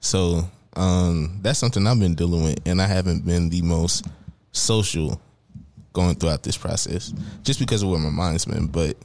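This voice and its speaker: Deep-voiced frank young man. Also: normal speed, darkish tone, dry recording. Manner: earnest, frank, advice-giving. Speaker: podcast co-host. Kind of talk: casual podcast chat.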